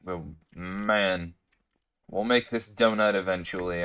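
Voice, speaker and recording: A man with a low, unhurried voice rambles through his game session, thinking aloud and breaking off with hiccups. Keyboard clicks and typing sit behind him at his desk mic. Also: steady tone, fairly bright tone, clear, resonant tone. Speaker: gaming streamer. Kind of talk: casual gameplay commentary.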